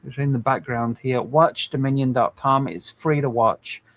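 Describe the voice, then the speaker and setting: A man's voice: medium pitch, normal speed, a bit bright. A man in his forties, hosting a livestream in an earnest, rambling way with many restarts. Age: 40s. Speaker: livestream host. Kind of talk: casual livestream talk.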